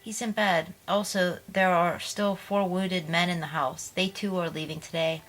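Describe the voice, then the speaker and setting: Woman voicing a spirited young woman, tender and lively, low voice. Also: moderate pace, low-quality recording. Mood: frank. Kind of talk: audiobook character reading.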